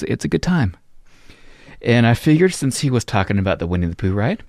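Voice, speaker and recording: A man's voice: medium pitch, big pitch swings, brisk, darkish tone, no room sound, studio quality. A man hosting a podcast, talking to his listeners in a chatty, enthusiastic way. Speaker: podcast host. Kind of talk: casual podcast commentary.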